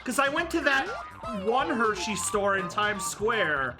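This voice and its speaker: A woman streaming a game, chatting casually in an excitable, exclamatory way with casual swearing. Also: medium pitch, measured pace, over music.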